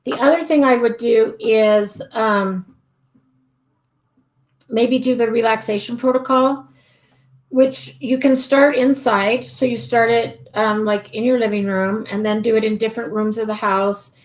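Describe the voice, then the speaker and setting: Woman trainer rambling thru dog tips on a livestream, kinda high voice, does little dog voices in between. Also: fairly even intonation, unhurried, poor audio. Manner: chatty, many ums and restarts, acts out the dog's thoughts. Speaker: dog trainer answering viewer questions. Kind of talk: live-stream Q&A, casual explaining. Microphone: webcam or desk mic on a live stream.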